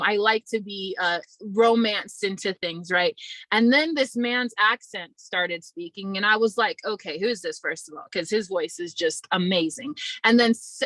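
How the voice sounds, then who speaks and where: Young woman host, bright and chatty, giving a testimonial in a dry room. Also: fairly high pitch, no room sound, rough recording. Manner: chatty, testimonial, addresses viewers as y'all. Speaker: online business community host. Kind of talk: casual motivational talk to viewers.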